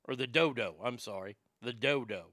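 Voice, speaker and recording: A man's voice: mid-range voice, normal speed, sharp tone, no echo. A man hosting a talk show, giving casual news commentary that rambles and stammers, with crude joking asides.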